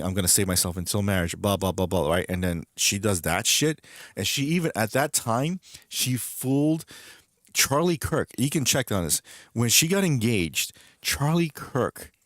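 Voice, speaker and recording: Low-voiced man ranting on stream. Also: no echo, clean studio sound. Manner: rambling, emphatic, repeats himself. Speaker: streamer host. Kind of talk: casual gaming stream commentary.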